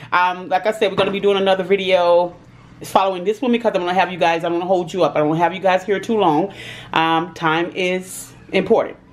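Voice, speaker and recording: A woman talking casually to her viewers as she cooks in a home kitchen, chatty and quick to laugh. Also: fairly low pitch. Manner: chatty, laughs often, talks straight to viewers. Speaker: cooking vlogger. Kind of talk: casual cooking chat to viewers.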